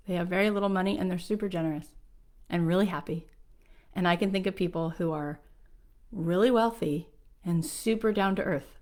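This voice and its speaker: A woman in her thirties hosting a motivational talk, enthusiastic and conversational, often saying "like". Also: on the low side. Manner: enthusiastic, conversational, uses filler "like". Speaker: host.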